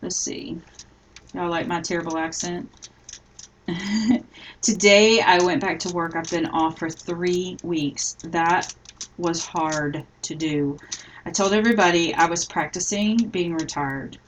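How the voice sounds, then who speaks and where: A middle-aged woman hosting a live scrapbooking tutorial, chatting casually and thinking aloud as she works, often trailing off softly. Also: lowish voice, fairly even intonation, unhurried, a little hiss or hum, poor audio.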